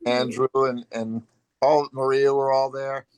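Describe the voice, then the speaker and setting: A man in a casual live video chat tells a long, rambling story, restarting his sentences as he goes. His voice has a medium pitch and a dry, close sound. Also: flat delivery, measured pace, clear, resonant tone, dry recording. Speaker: longtime fan, group member. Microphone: video call.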